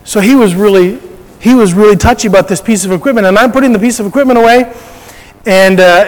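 A man's voice: high-pitched, fast, big-room sound, rough recording. A man sharing a personal faith testimony in a conversational storytelling way, often restarting his sentences.

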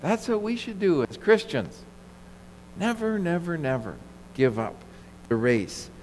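Male pastor, sermon delivery, somewhat high and lively pitch, emphatic with repetition, long hall reverb. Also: measured pace, slight background noise. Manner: emphatic, repeats phrases and asks the congregation questions.

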